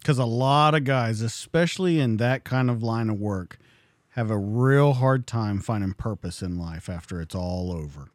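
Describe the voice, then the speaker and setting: A man hosting a podcast interview. He asks questions in a relaxed way and jokes with his guest. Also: on the low side, moderate pace, dry recording, clean studio sound. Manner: relaxed, joking, lively. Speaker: podcast host. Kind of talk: casual interview chat.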